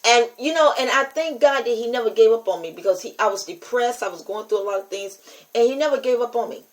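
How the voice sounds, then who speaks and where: Speaking fast in a higher register, an older American podcast host and preacher addresses listeners head-on in a casual monologue. Her delivery is emphatic, repetitive, and testifying, and the audio quality is poor.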